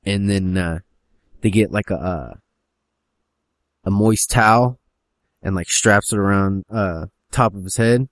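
A man's voice: lowish voice, a little slow, pauses often, no echo. A man casually telling a story, rambling with lots of fillers.

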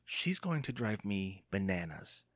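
A man's voice: deep voice, very animated, a little slow, a bit bright, dry recording, studio quality, heavily acted. A man voicing a sarcastic, wisecracking young boy in a lightly raised voice. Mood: grumbling.

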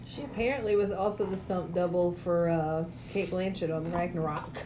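A woman's voice: fairly low pitch, fairly even intonation, moderate pace, noisy background. A woman on a podcast chiming in with bits of trivia and short, casual asides. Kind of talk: casual chat.

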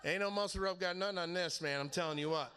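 A man with a fairly high voice tells stories in a loose, laughing sermon style. He acts out both sides of each conversation he describes. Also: quick pace, noisy background. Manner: animated, laughing storyteller acting out conversations. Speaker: preacher. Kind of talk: storytelling sermon.

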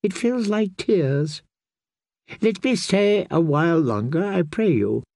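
Guy putting on a frail old blind scholar, slow soft wistful voice, pitched up a bit. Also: animated, creaky, dry recording, clean studio sound, full character voice.

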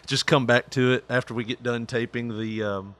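A man's voice: mid-range voice, a bit bright. A male podcast host in casual, joking chat who laughs often.

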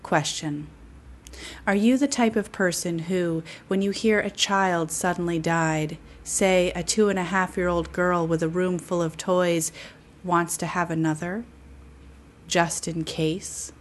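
A middle-aged woman giving a poetry reading in a slow, deliberate way with long pauses. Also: on the low side, fairly even intonation. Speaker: poet.

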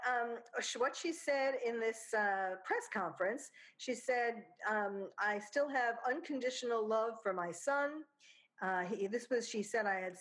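A woman with a New York accent giving an unscripted spoken commentary, talking casually with many fillers and small laughs. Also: mid-range voice. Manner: chatty, with frequent fillers and laughs. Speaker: commentator discussing a criminal case. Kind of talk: unscripted monologue.

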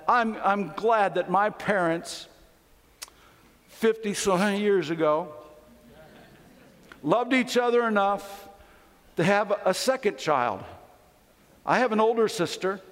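Fiftyish guy preaching, kinda high voice, easy storytelling, long echo off the church walls. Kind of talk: sermon. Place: church sanctuary. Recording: long church hall reverb.

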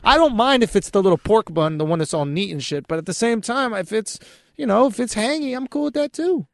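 A man's voice: sits high, expressive, fairly quick, creaky, no echo, clean studio sound. A man trading crude banter in casual chat.

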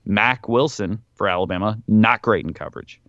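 A man's voice: lowish voice, moderate pace, fairly bright tone, dry recording, lo-fi sound. A man co-hosting a casual sports podcast, rambling through his points with lots of fillers and a bit of argumentative edge. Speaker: podcast co-host.

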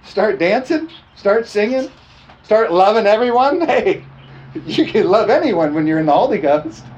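Male preacher, fairly high voice, lively call-and-response style, slightly muffled recording. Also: unhurried, slight background noise. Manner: animated, chuckling, frequent call-and-response "amen?". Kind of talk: sermon. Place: church service, also streamed online.

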